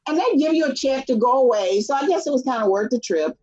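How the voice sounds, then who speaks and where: A middle-aged woman, a guest, tells a story in an animated chat and acts out the voices of people she quotes. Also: sits high, quick pace. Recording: dull lo-fi sound.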